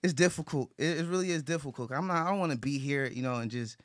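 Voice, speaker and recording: Here a man speaks fast in a higher register, captured in studio quality with no room sound. Talking casually, he sounds earnest, circles back on himself, restarts often, and uses profanity.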